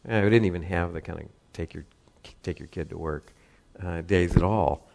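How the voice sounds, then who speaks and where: His voice sits low and sounds creaky and a little mellow at a moderate pace, with a slight hiss or hum in the recording. The man, from Southern California, rambles through a personal story in an easygoing way, often chuckling and piling up fillers and restarts.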